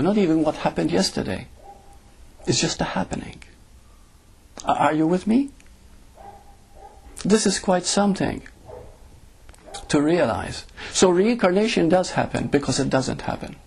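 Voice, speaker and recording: A man's voice: a little high, creaky, darkish tone, slightly rough. A man giving a satsang talk as a spiritual teacher, speaking to a group and often asking "you see?".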